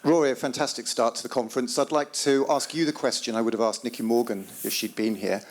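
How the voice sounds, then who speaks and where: A man's voice: mid-range voice, steady tone, fast. A man in the audience, a father, asking a prepared question at a conference. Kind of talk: question from the floor.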